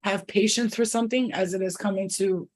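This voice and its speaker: A woman's voice: mid-range voice, fairly even intonation, brisk, darkish tone. A woman giving an intuitive spiritual reading to her viewers, rambling and repeating herself, then turning blunt, profane and fiery. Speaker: spiritual reader.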